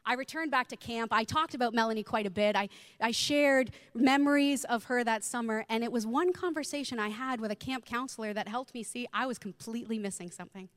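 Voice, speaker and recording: A woman preaching with an expressive, storytelling delivery, giving voice to the people she quotes as she goes. Her voice sits fairly high, and a long reverb trails after her words as if she is in a large hall. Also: fairly quick, hardly any pauses. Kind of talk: sermon with personal storytelling.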